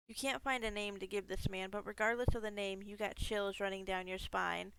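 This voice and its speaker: A woman's voice: mid-range voice, fairly even intonation, moderate pace, vocal fry, a bit bright, clear, resonant tone, low-quality recording. A woman gaming streamer reading a text game aloud, breaking off into casual asides, swearing freely and laughing at herself.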